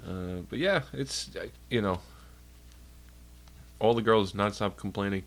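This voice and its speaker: A young man streams from home, talking casually into a desk mic in a lowish, slightly slow voice with vocal fry and a somewhat stuffed, nasal nose. He rambles, swears, cracks jokes and speaks to his chat.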